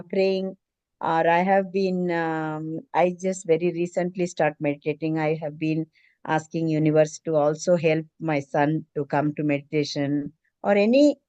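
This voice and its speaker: A woman's voice: low voice, moderate pace, darkish tone, dry recording. A middle-aged woman, earnestly telling a personal story on a video call in a hesitant, emotional way. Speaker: meeting participant, preschool teacher.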